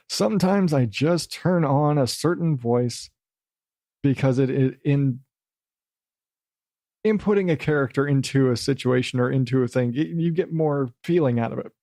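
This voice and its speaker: A man's voice: mid-range voice, measured pace, long pauses, mellow, dry recording, clean studio sound. A middle-aged man hosting a solo podcast, rambling and self-deprecating, swearing casually and dropping into silly voices now and then. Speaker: podcast host.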